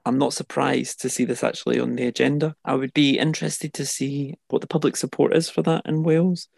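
A man discusses politics in a relaxed, thinking-aloud way, often pausing and restarting. His voice has a gravelly edge and sounds close and dry, with no room around it. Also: mid-range voice, dry recording. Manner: thoughtful, many fillers and restarts. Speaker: podcast co-host.

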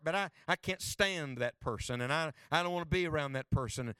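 A man preaching a sermon as a traveling preacher, dropping low and soft for quotes and rising high for emphasis. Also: a little fast, hardly any pauses, clean tone, no echo, clean studio sound, recorded from a distance.

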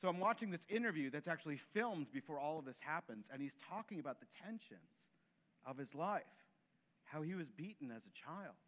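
Man preaching, voice sits high, lively storytelling, acts out the quotes, slightly muffled recording. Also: brisk. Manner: animated, acts out quoted voices, drops to soft tones. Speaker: pastor. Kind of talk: sermon.

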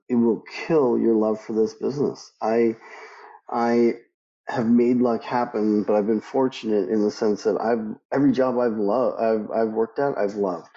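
A middle-aged man answering interview questions emphatically, restarting his sentences often and jumping up in pitch when he quotes other people. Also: dark tone, highs cut off. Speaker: guest, aviation professional.

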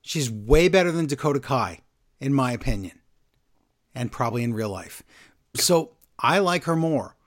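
A man casually recapping a wrestling show, sarcastic and animated, reading from his notes. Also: medium pitch, moderate pace. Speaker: podcast host recapping wrestling. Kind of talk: casual chat.

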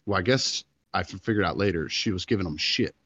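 Deep-voiced man telling a story. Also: fast talker, husky, dull audio. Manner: animated storyteller, acting out quotes. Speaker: podcast co-host. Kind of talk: casual chat.

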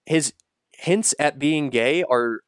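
A man's voice: on the high side, slow, smooth, no room sound, clean studio sound. A man hosting a casual gaming podcast, rambling with lots of fillers and restarts as he talks through his picks. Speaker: podcast host.

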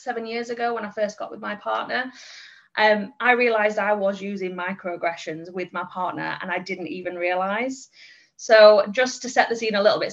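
Woman, guest trainer, candid reflective chat, mid-pitched voice, dull podcast sound. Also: fairly bright tone. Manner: candid and reflective, frequent small laughs. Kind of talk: casual podcast conversation.

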